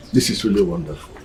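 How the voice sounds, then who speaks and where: Chuckling Nigerian uncle. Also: male voice, fairly low pitch. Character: approving genial uncle blessing a marriage. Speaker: uncle of the bride.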